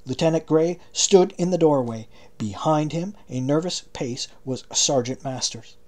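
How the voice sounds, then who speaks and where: Steady man reading an audiobook. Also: fairly high pitch, measured pace, a crowd in the background. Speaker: audiobook reader. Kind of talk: audiobook narration.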